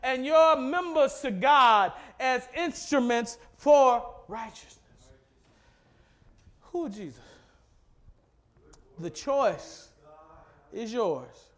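A middle-aged pastor from Mississippi, preaching with call-and-response that swells from low and quiet to loud and fervent. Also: male voice, animated, extremely slow, long pauses. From Mississippi, USA. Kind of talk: sermon.

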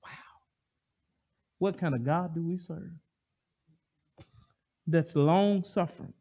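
A man preaching a sermon, emphatic and animated, asking the congregation call-and-response questions. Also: fairly high pitch, slow, gravelly, breathy edge.

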